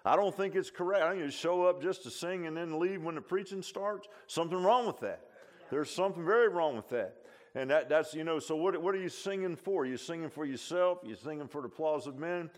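A man's voice: a little high, a little fast, hardly any pauses. A man preaching a sermon as pastor in a folksy, conversational way, with emphatic asides and frequent repeats and restarts. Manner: repeats himself and restarts often.

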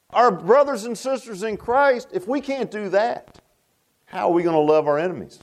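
A pastor preaches in a loose, folksy way, circling back with restarts and asides. His voice sits high for a man. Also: lively intonation, moderate pace. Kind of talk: sermon.

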